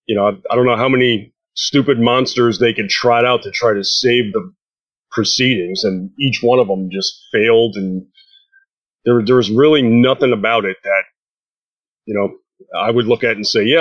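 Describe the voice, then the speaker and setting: A man's voice: mid-range voice, fairly even intonation, normal speed, highs cut off. A man on a podcast panel chatting casually, rambling and self-deprecating.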